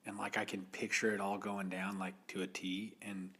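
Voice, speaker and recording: A man's voice: deep voice, level tone, moderate pace, fairly bright tone, a little hiss or hum. A man co-hosting a podcast, reacting to the story and chiming in casually. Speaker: podcast co-host. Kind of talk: casual chat.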